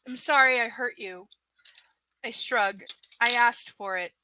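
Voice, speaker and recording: A woman's voice: fairly high pitch, a little slow, bright, forceful tone, slight background noise. A woman reading a novel aloud live and breaking off into sarcastic, profane rants about it. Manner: sarcastic, profane, exasperated asides. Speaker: live book reader. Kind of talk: live reading with ranting commentary.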